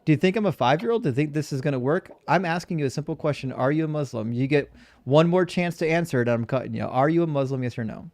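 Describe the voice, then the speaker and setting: A man's voice: on the high side, fast talker, a little mellow, dry recording. A man hosting a live call-in debate show, blunt and needling with his callers.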